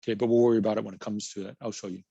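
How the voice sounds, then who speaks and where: A man's voice: on the low side, level tone, rapid-fire, gravelly, dark tone, slightly rough, no room sound, lo-fi sound. A man teaching a college math class, patiently working through examples and repeating key words. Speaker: math instructor. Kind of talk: recorded class lecture.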